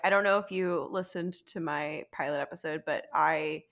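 20s woman hosting her podcast, relaxed chatty vibe, curses a lot. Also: on the low side, moderate pace, few pauses. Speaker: podcast host. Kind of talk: casual chat.

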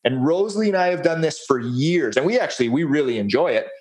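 A man's voice: a little high, animated, fast, darkish tone. A man presenting a real estate case study on a webinar, upbeat and folksy, walking through steps. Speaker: guest presenter.

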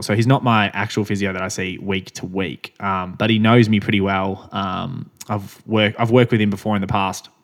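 Lower-voiced man telling a rambling story. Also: fairly bright tone. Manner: rambling storyteller, swears casually, laughs often. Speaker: podcast co-host. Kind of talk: casual chat.

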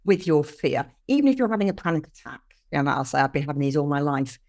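An older woman, a podcast guest explaining things earnestly with lively emphasis in casual conversation. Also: deep voice, fast talker.

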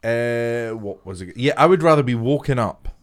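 A man's voice: medium pitch, animated. A young man co-hosting a podcast, teasing his friend with plenty of swearing. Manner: teasing, sweary, quick to laugh. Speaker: podcast co-host. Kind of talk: casual chat.

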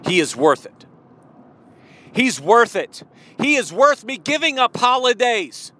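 A man's voice: extremely high pitch, big pitch swings, a little slow, sharp tone. A male preacher delivering a sermon with emphatic, repeated rhetorical questions.

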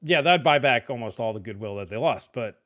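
A man's voice: mid-range voice, expressive, brisk, fairly bright tone. Laid-back middle-aged man on a podcast. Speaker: podcast host. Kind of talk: casual tech podcast chat.

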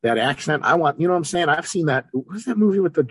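A man guest on a podcast, an exercise scientist talking casually and profanely, animated, swearing freely and acting out characters. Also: on the high side, fast, husky, no echo.

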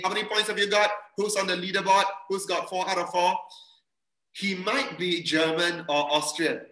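A man's voice: a little high, bright, forceful tone, reverberant, rough recording. A male pastor, giving an interactive sermon and quizzing his congregation. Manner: asks the congregation questions and reads their answers aloud. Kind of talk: interactive sermon with online quiz.

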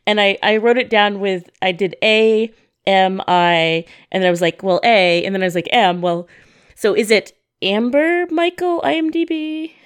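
A woman's voice: medium pitch, normal speed, smooth. Giggly, cursing woman podcast co-host. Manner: giggly and swears freely. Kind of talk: casual movie review chat.

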